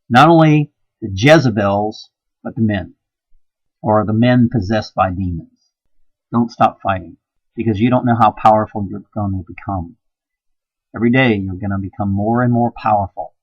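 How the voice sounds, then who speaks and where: A man giving an impassioned, preachy monologue, swinging between hushed and loud emphasis. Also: lowish voice, a little slow, long pauses, no echo, low-quality recording. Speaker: video blogger.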